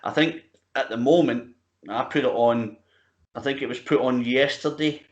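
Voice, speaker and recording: A man's voice: mid-range voice, steady tone, moderate pace. Chatty man in his fifties. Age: 50s. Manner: chatty anecdotal storyteller, frequent restarts. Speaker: interviewer, music media host. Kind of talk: casual interview chat. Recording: roomy, dull lo-fi sound.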